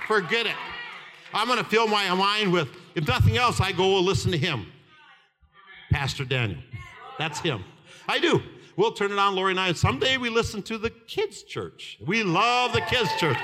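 A man in his seventies preaching a fervent sermon, telling stories with laughter and shouted lines. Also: sits high, a little hiss or hum. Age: 70s. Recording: reverberant hall.

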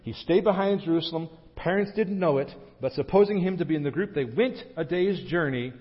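Male pastor, fairly high voice, chatty sermon delivery with joking asides; dull lo-fi church recording. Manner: conversational, with joking asides and quick restarts. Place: church sanctuary. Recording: dull lo-fi sound with a long hall reverb.

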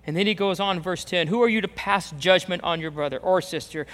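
A man's voice: high voice, a little fast, fairly bright tone. A man preaching a sermon as pastor, emphatic, repeating phrases and acting out the voices he quotes. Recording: reverberant hall, long echo.

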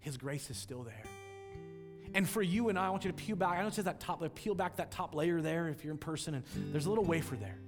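A man's voice: sits high, steady tone, fast talker, few pauses. A man preaching as pastor and leading communion, earnest and emotional, often repeating words as he presses a point. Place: large church hall. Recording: church hall reverb with music.

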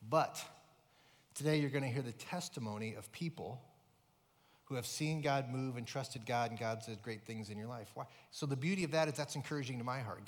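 A man's voice: mid-range voice, brisk. A male pastor preaching a sermon with emphatic delivery, rising and falling in force. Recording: long hall reverb.

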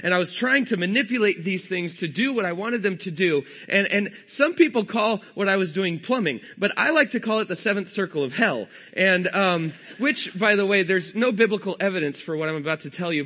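A man's voice: sits high, expressive, a little fast, hardly any pauses, pushed and bright. A man in his thirties from California preaching a sermon, telling a humorous self-deprecating family story. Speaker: pastor.

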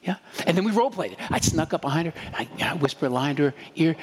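A man's voice: a little high, expressive, fast, slight background noise. A man preaching a conversational sermon, telling stories and throwing in rhetorical asides like "right?". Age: adult with a young daughter. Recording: long hall reverb.

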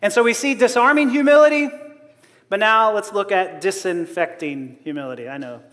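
A man with a very high voice delivers a sermon, joking at his own expense and often breaking into laughter. His voice rings with a long reverb, as if he is in a large hall. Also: normal speed, a bit bright. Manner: humorous, self-deprecating, laughs often. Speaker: preacher.

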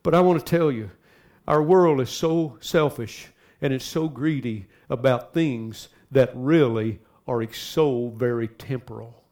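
A man preaching a sermon as pastor, dropping to soft asides and then climbing into loud, urgent exhortation. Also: medium pitch, measured pace, few pauses.

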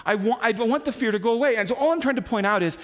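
A man in his forties preaching a sermon, telling the story in an animated way and acting out the quotes himself. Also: very high-pitched, very fast. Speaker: pastor.

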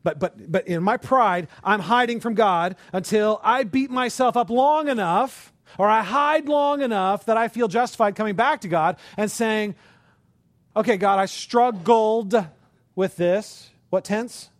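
A man preaching a sermon in a conversational way, asking the listeners rhetorical questions and rising to loud, emphatic passages. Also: high-pitched, moderate pace, few pauses, dry recording, clean studio sound.

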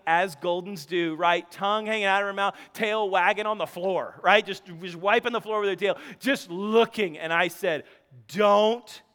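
Man, pastor, high voice, animated sermon, long hall reverb. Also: smooth. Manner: animated storytelling, self-interrupting, laughing asides.

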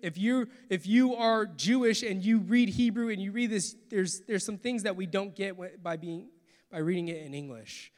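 Man preaching from the pulpit, earnest, dropping quiet then pushing loud; sits high in pitch, big reverberant church hall. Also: normal speed. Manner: earnest, swings from soft to forceful. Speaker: pastor. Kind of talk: sermon.

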